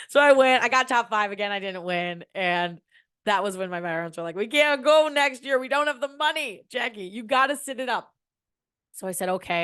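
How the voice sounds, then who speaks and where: A young woman from Michigan tells a long personal story in a relaxed, chatty way. She keeps an ordinary middle pitch and lifts it sharply when she acts out her own past lines. The sound is dry and close, with no room around it. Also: no echo. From Michigan, USA. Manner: chatty, animated, acts out quoted lines in a high voice. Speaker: podcast host. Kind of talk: casual storytelling.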